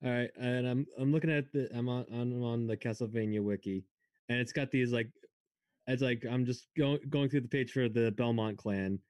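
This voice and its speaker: Halting man, dry close sound. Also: medium pitch, fairly even intonation, darkish tone, clean tone, no echo. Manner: halting, hesitant, lots of "uh". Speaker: podcast co-host. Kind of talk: casual chat.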